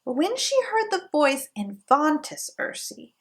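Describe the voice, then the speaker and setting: A woman hosting a storytime, reading a children's story aloud in an expressive, playful way. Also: high-pitched, measured pace, few pauses. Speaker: storytime host.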